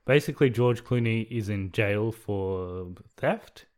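A man co-hosting a casual film podcast, relaxed and a little hesitant as he talks. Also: fairly low pitch, takes it slowly. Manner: relaxed, hesitant, lots of fillers. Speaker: podcast co-host.

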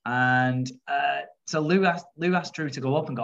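A man chatting casually as co-host of a show about a soap. He retells the plots in a rambling, amused way, breaking into laughs and quick character voices. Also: medium pitch, gravelly, a bit bright, muffled recording. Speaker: podcast co-host. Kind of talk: casual chat recapping a soap.

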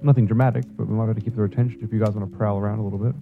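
A man playing a tabletop game, joking with quick asides. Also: lowish voice, fairly even intonation, vocal fry, phone-quality sound. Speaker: tabletop player. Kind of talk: casual game chat.

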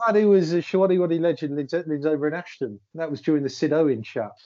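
Fairly high man, hesitant. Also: fast talker, a little mellow, no echo. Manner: hesitant guesses, trails off into mumbles. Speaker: podcast co-host, quiz contestant. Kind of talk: casual podcast chat. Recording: dull lo-fi dry audio.

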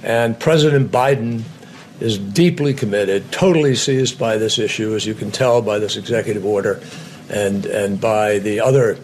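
A man's voice: on the low side, darkish tone, slight background noise. A man speaking as a politician at a press briefing, formal and oratorical. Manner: formal, grand, slow oratorical delivery.

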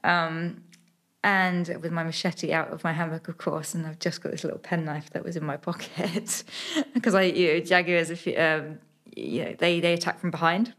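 A young British woman, an adventurer, telling stories in a podcast interview, animated with many fillers and restarts. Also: on the low side, moderate pace. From Britain. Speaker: adventurer guest.

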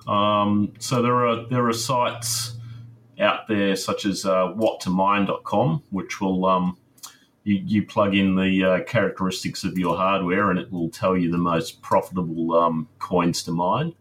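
A man answering interview questions in a measured, explanatory way, with many pauses and ums. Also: low-pitched, steady tone, a bit bright, a little hiss or hum. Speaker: guest, crypto miner.

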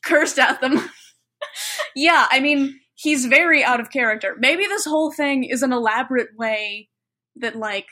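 A young woman co-hosting a podcast, quick-witted and analytical, laughing often in casual chat. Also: high voice, sharp tone. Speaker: podcast co-host.

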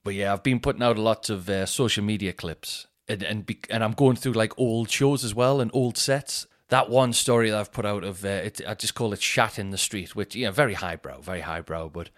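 A man's voice: lowish voice, fairly quick, few pauses. A man in his thirties with a Northeast English accent, a comedian and podcast host telling stories casually, rambling and restarting often. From Northeast England. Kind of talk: casual storytelling.

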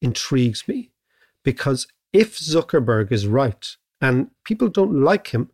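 A middle-aged Irish man co-hosts a podcast, chatting casually in a medium-pitched, sing-song, darkish voice. He muses aloud and keeps checking in with a quick "right?"

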